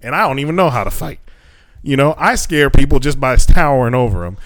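A man co-hosting a podcast, telling stories in a casual, profane and animated way. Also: medium pitch, fairly quick, slight background noise. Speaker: podcast co-host. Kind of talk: casual chat. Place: Japan.

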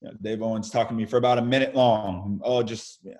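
A young American pro baseball player, on a podcast as a guest, shares candid career stories during a casual video-call interview. He talks fast in a lowish voice, telling his tales in a lively way with some mild swearing.

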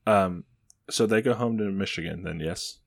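A young man with a very deep voice tells a loose, rambling story for a comedy podcast, stacking up filler words as he goes. The sound is dry and close, with no room echo. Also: normal speed, creaky. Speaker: podcast co-host pitching a movie sequel. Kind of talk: casual comedic chat.

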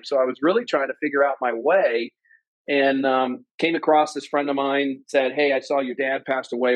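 Man in his 50s, interview guest, earnest and animated, mid-pitched, dry close sound. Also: no echo, lo-fi sound. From Ohio, USA. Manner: earnest, animated storyteller who acts out quotes in a higher voice. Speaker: guest, former company president. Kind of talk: personal storytelling in an interview.

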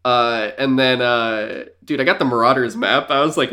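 A young man co-hosting a podcast in casual chat. He tells animated stories, laughing often and swearing freely. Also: mid-range voice, moderate pace, hardly any pauses. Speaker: podcast co-host.

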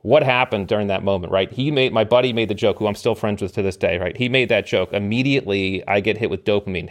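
A middle-aged man telling an animated story as a podcast guest, with emphatic delivery and ready laughter. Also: fairly low pitch, quick pace, few pauses. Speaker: podcast guest, former special operations member. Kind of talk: storytelling in casual conversation.

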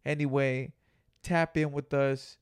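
A man's voice: medium pitch, level tone, takes it slowly, clear, resonant tone. A young man co-hosting a podcast, telling a story in a laid-back, slangy way with heavy swearing. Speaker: podcast co-host. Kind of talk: casual storytelling chat.

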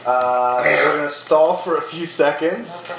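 A man's voice: fairly high pitch, a little slow, vocal fry, over a noisy crowd. A young man hosting a casual podcast, talking with many restarts and fillers while stalling for time. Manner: hesitant, lots of restarts and stalling. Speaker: podcast host. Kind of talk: casual chat. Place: apartment room. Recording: echoey room, faint noise.

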